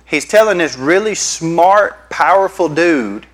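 A man's voice: sits high, normal speed, few pauses, rough recording. A male pastor, preaching a sermon and telling stories to the congregation. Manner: storytelling, addresses the congregation as y'all.

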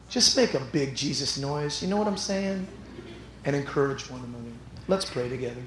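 A man delivers a sermon in a high voice, working his stories up until he is shouting. He speaks from a church sanctuary, and his voice rings through the echoey hall with a faint hum of room noise underneath. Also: normal speed. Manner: animated storytelling that builds to shouts. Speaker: pastor.

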